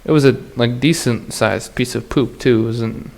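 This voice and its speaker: Speaking at a moderate pace with vocal fry in a mid-range voice, a man delivers a casual solo episode of his podcast. He wanders from point to point, talks crude and slangy, and laughs a lot.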